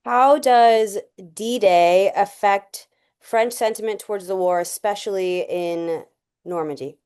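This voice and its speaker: A woman's voice: mid-range voice, slow pace, a little mellow, smooth. A woman in a class asking the lecturer brief, direct questions.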